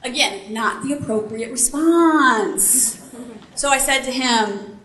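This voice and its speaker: This woman speaks in a high, bright voice and takes her time, letting lines land. She tells her story with playful, animated flair, acting out what others said and joking with the crowd. Her voice rings through an echoey hall over a faint room hum. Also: slow, distant mic. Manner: animated, acts out quotes, jokes with the crowd. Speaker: motivational speaker. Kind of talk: keynote storytelling to a live audience.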